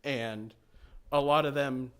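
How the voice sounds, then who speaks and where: A man's voice: medium pitch, steady tone, slow pace, fairly bright tone, clear, resonant tone. A man who cooks for a living, talking bluntly and with strong opinions in casual chat. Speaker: cook, wine tasting guest.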